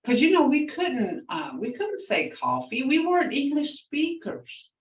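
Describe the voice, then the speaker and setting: An older woman, a language teacher, slowly repeating words so her class can hear how they are pronounced, and talking in an outspoken way. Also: high-pitched, wildly swooping pitch. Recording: roomy, distant, dull lo-fi sound.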